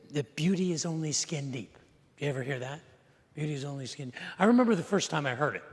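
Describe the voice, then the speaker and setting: A middle-aged male pastor preaching in a church sanctuary, with a fairly high voice for a man. He talks like he is telling a story to friends, asking the room questions and adding dry jokes. A long hall reverb trails behind his words. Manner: conversational storytelling, asks the audience questions, dry humor. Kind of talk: sermon.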